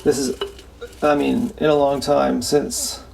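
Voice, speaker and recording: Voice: mid-range voice, flat delivery, creaky. A vlogger rambling through a casual, unsure, sighing monologue while washing dishes at home. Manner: unsure, sighing, halting delivery. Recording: loud kitchen noise from dishes and tap. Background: running tap and clattering dishes.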